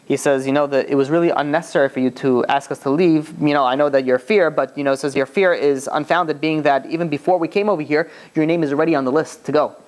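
A man's voice: a little high, fast talker, few pauses. A man, a rabbi, telling a story in a loose, conversational lecture and acting out the characters' lines. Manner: lively retelling that acts out the characters' quoted lines; loose and conversational, often saying "you know".

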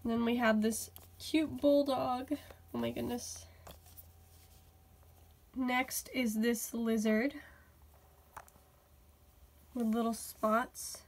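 A woman vlogger unboxing a toy haul, gushing and excitable, often exclaiming over how cute things are. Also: a little high, very slow, creaky, long pauses. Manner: gushing, excitable, many "oh my goodness".

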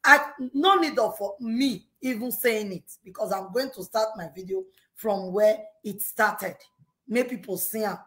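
A woman's voice: mid-range voice, unhurried, a bit bright. A woman with a Nigerian accent ranting heatedly in pidgin, scolding unnamed critics. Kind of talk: ranting monologue.

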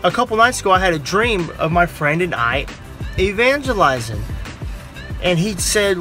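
A man's voice: high-pitched, very animated, moderate pace, music in the background. A young man vlogging in a casual, rambling way, laughing often and cutting himself off mid-thought. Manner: chatty, laughing, self-interrupting.

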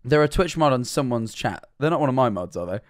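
A man's voice: medium pitch, lively intonation, fast talker. A young man streaming live, reacting to viewer clips with rambling, incredulous commentary and frequent swearing.

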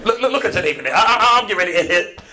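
A man preaching a lively sermon. He retells scripture with call and response, swinging between loud shouts and hushed, quiet storytelling. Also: high-pitched, rapid-fire, heavy background noise.

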